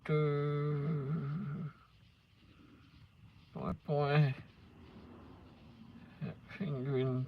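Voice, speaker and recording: This livestream host has a mid-range, somewhat mellow voice. Relaxed and profane, he talks to his viewers by name while vehicle noise fills the noisy recording.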